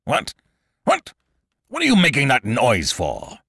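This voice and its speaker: A man voicing a cruel, blustering king with loud, mocking, drawn-out speech in a dramatic audiobook reading. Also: low-pitched, huge pitch swings, no room sound, clean studio sound, full character voice. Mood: demanding. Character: cruel, blustering middle-aged male king.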